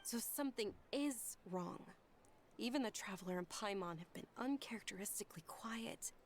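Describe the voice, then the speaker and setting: An actress voicing a kind, gentle young noblewoman in a video game, speaking softly and politely. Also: mid-range voice, lively intonation, moderate pace, a little hiss or hum, lightly acted. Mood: worried.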